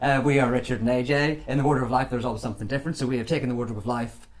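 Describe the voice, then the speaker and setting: A man's voice: mid-range voice, steady tone, very fast. Rambling giggly male podcast host. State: hungover. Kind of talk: casual chat.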